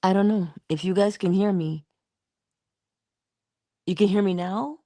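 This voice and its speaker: Slow earnest woman giving a morning pep talk, dry close sound. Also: mid-range voice, steady tone, warm tone, dry recording. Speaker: host of a morning inspirational livestream. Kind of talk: live inspirational talk.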